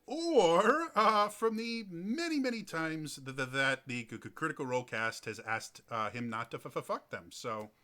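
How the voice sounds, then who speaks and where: Guy host w a heavy stutter, bright forceful voice, laid back chat. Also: on the high side, expressive, moderate pace, hardly any pauses. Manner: heavy stutter on word starts. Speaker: podcast host. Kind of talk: casual podcast chat.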